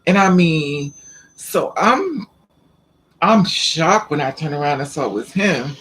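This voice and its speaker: A man vlogging, telling a personal story in a casual, animated and rambling way, with streetwise slang. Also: fairly high pitch, takes it slowly, a little hiss or hum.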